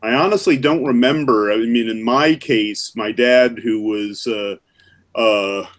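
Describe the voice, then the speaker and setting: A man chatting casually on a video call, halting and restarting with many "uh"s. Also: mid-range voice. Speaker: artist in an online drawing group. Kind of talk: casual chat while drawing. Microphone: video call mic.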